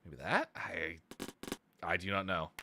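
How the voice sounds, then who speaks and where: A man streaming himself making music, chatting casually as he works, thinking out loud with hesitant restarts and sudden excited bursts. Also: deep voice, unhurried, creaky, noisy background. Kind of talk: casual live-stream chat while producing music.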